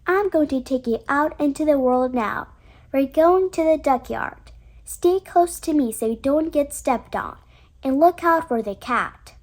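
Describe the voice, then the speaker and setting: A woman voicing a fussy, protective mother duck in a storybook reading, brisk and scolding. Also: high voice, lively intonation. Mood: urging.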